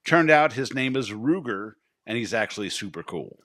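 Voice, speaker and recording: Male podcast co-host, crude blunt banter, bright forward tone. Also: mid-range voice, lively intonation, moderate pace. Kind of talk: casual podcast chat.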